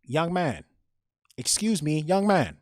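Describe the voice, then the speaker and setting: A tiny, timid elderly woman pleads for help in a high, thin voice, as a man puts her on while telling a story. Her voice climbs well above his own and rises and falls a lot. It is recorded dry and close. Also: sing-song, slow, a little mellow, no echo. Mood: polite calling. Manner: high, pleading, politely insistent. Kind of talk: storytelling impression.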